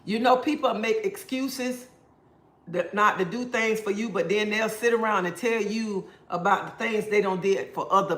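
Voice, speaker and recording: A man hosting a casual livestream, answering viewer comments and giving preachy life advice. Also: sits high. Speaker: livestream host. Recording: roomy echo.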